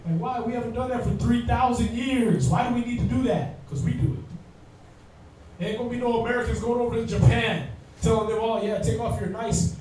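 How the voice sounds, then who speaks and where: A man's voice: very high voice, brisk, a little mellow, slight background noise. A man teaching an informal Bible class in a slangy, joking way, checking in with his listeners often. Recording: echoey room from far off.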